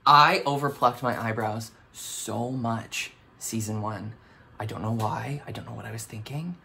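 Animated, bright-voiced Canadian man. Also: on the low side, measured pace, gravelly, a little hiss or hum. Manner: animated, self-mocking, exclamatory. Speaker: actor reacting to his old show. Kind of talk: casual reaction commentary.

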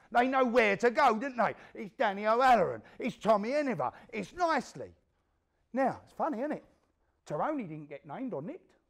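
A man playing an East End career criminal in a one-man stage play, telling his violent story in coarse, swearing East London street talk and acting out what others said. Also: sits high. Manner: animated storyteller who acts out the quotes of others. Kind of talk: theatrical monologue to a live audience.

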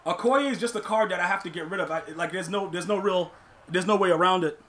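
A young man streaming a football video game, complaining to himself and his chat and shouting in disbelief at bad plays. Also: high-pitched, fast. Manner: exasperated, talks to himself and chat. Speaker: gaming streamer. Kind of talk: live gameplay commentary.

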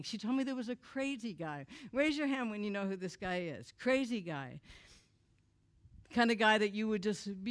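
A woman giving a personal testimony to a church audience, candid and emotional with wry humor. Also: medium pitch.

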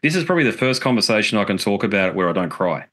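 A man's voice: lowish voice, big pitch swings, rapid-fire, fairly bright tone. A middle-aged man, a podcast guest telling a personal story in an earnest, reflective way with casual swearing. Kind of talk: casual interview chat.

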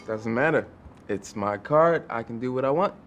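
An actor playing a fed-up young man who talks in a dry, deadpan, sarcastic way in a comedy film. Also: medium pitch, moderate pace, slight background noise, natural voice.

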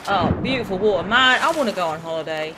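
Streamer doing casual let's-play chat, lively up-and-down voice, swearing now and then, noisy game sound behind. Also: mid-range voice. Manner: chatty, swearing, quick asides and laughs. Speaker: gaming streamer.

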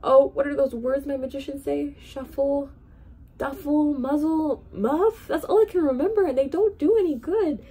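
A woman's voice: high-pitched, normal speed, mellow, voice pushed up, natural voice. A woman reading a storybook aloud, voicing a proud, blustering old king with a pompous, commanding manner. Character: proud, blustering old king, mighty ruler turned helpless.

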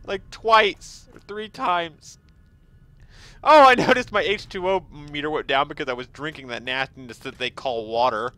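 A man giving excitable let's-play commentary over a game, yelping and gushing over every find. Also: a little high, normal speed. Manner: excitable, yelps and gushes over finds. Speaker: gaming video host.

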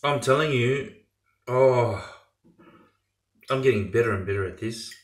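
A man's voice: medium pitch, measured pace. A man chatting enthusiastically to his viewers while cooking at home in his kitchen. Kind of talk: casual cooking vlog. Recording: echoey kitchen with pots and pans.

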